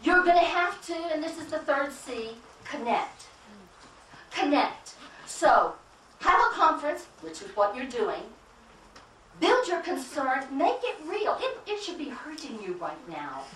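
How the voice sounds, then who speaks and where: Animated woman speaker in an echoey hall. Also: high-pitched, unhurried, distant mic, slight background noise. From United States. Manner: emphatic, repeats key phrases, asks the audience questions. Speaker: keynote speaker at a conference. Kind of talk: motivational conference talk.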